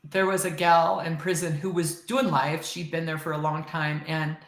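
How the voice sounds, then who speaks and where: A woman's voice: low voice, flat delivery, normal speed. A woman guest telling a story in casual chat, acting out quoted lines and laughing often. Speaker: podcast guest. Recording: echoey room.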